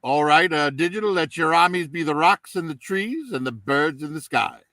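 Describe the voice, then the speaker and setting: A man hosting a casual movie review chat, relaxed and rambling with many fillers, heard through a distant mic. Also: fairly high pitch, moderate pace, no room sound. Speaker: podcast host.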